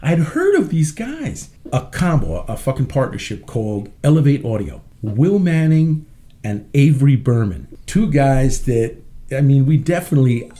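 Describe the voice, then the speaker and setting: A man's voice: medium pitch, very animated, a little slow, dark tone. A man being interviewed as a musician, talking in a brash, rambling, profane way. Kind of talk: casual interview chat.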